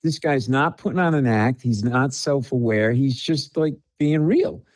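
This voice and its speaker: Animated man telling comic stories. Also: medium pitch, measured pace, no room sound, rough recording. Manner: animated storyteller, acts out dialogue. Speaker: comedian guest. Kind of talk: storytelling podcast chat.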